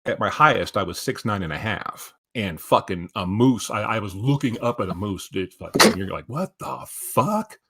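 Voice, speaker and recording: Man, 50s, lowish pitch, casual storyteller, swears a lot. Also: normal speed, few pauses, very noisy. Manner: profane, animated storyteller. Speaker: stream co-host.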